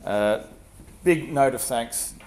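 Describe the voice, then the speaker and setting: A man with a cold delivers an academic seminar talk. His voice is husky, and he speaks in a measured way, often pausing on fillers. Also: medium pitch, a little mellow. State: has a cold, coughing. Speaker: guest lecturer.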